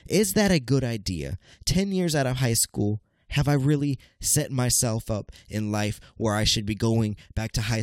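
A man's voice: medium pitch, a little mellow, dry recording, studio quality. A man in his late twenties with a congested, nasal voice, hosting a casual solo podcast in a rambling, stammering way and speaking straight to his listeners. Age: late 20s. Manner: rambling, stammering, keeps calling listeners "people". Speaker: podcast host.

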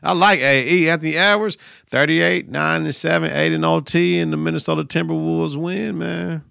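Bright-voiced, profane podcast host. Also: male voice, fairly high pitch, moderate pace, gravelly, clean tone, no room sound, clean studio sound. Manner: profane, slangy, animated riffing. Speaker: podcast host, teacher and coach. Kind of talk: casual solo sports podcast.

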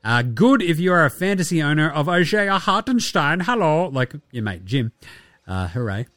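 His voice a little high and a bit bright, this young Australian man speaks in a sing-song way at normal speed while hosting a casual basketball podcast. He's sarcastic and profane, regularly mocking his subjects with put-on voices. The clean studio recording has no echo.

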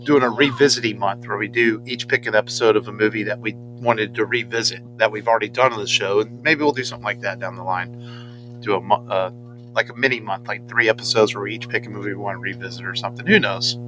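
A man's voice: fairly low pitch, fairly even intonation, fast talker, over music, low-quality recording. A man hosting a casual podcast chat, joking and rambling. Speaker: podcast host.

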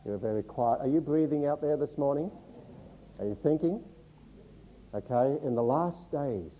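With lively intonation at a moderate pace, a medium-pitched male pastor teaches a congregation from the Bible, questioning them and joking along the way. The church service recording is lo-fi with a little hiss or hum.

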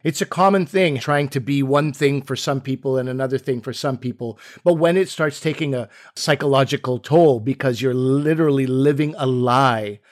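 A man co-hosting a casual podcast conversation, talking in an animated way and acting out the voices he quotes. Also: mid-range voice, normal speed, hardly any pauses. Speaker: podcast co-host.

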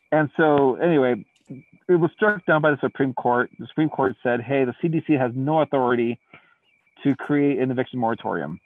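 A man's voice: mid-range voice, no echo. A man co-hosting a podcast, explaining current events at length in a casual, indignant way from outdoors at night. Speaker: podcast co-host. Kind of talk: casual political chat. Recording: tinny distant phone-like remote line.

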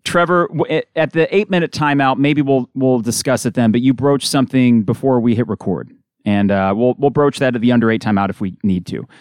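Man, play-by-play caller, fast excited calls, dry close sound. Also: medium pitch, no echo. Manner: rapid play-calling with bursts of excitement. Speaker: podcast host doing live game reaction.

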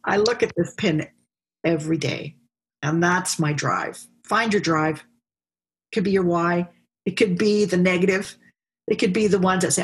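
A woman interviewed as a business founder, telling her story in an animated way and acting out what people said. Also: on the low side, moderate pace, long pauses, husky. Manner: animated storyteller, laughs often, acts out quotes. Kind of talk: conversational interview.

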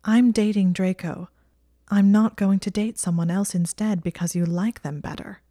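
A woman's voice: medium pitch, steady tone, normal speed, warm tone, no room sound, natural voice. Brief: defensive, teary young witch voiced by a woman narrator, dry close read, storybook audio. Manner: earnest, defensive, tearful.

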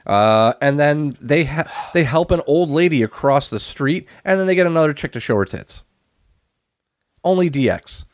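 A man co-hosting a podcast, recapping matches in a deadpan play-by-play and swearing freely. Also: a little high, normal speed, no echo, clean studio sound. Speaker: podcast co-host recapping wrestling. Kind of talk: casual chat.

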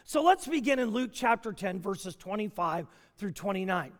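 A man preaching a sermon as a pastor, animated and full of rhetorical questions. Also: high-pitched, moderate pace, few pauses, in a large hall.

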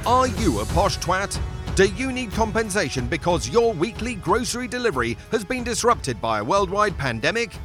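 An actor playing a mocking announcer in a spoof advert for a law firm, reeling off insults in an ad-read manner. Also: male voice, high voice, big pitch swings, normal speed, music in the background. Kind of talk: comedy radio sketch.

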